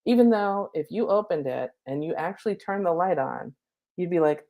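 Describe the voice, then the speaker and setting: Middle-aged woman, lowish voice, spiritual coach live-streaming a lesson on a laptop mic; loose, chatty, swears freely. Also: lively intonation, normal speed, warm tone. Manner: casual, chatty and profane, lots of "like".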